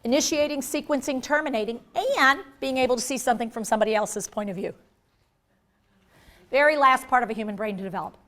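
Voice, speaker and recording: A woman giving a lively live workshop on dementia care, acting out inner voices and joking with the audience. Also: a little high, fast. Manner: animated, acts out inner voices, jokey asides to the audience.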